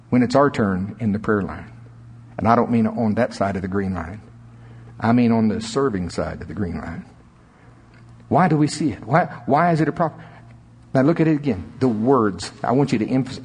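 A husky-voiced man preaches to his congregation, his voice jumping up high and then slowing hard to stress a point. His voice carries a long reverb, as if in a big church sanctuary. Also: a little mellow. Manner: preaching with sudden rises in pitch and drawn-out emphasis. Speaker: pastor. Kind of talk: sermon. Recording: echoey hall reverb.

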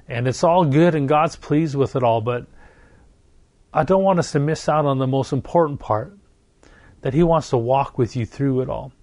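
A middle-aged man preaching a sermon, earnest and warm in his repetition, slowing down to stress each phrase. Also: mid-range voice, dry recording. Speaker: pastor.

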